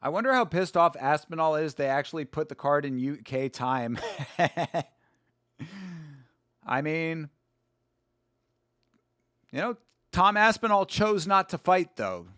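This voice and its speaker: A man's voice: a little high, lively intonation, unhurried, long pauses, a bit bright, clean tone, dry recording, clean studio sound. A young man hosting a live fight watch-along stream, chatting casually, swearing and greeting viewers by name.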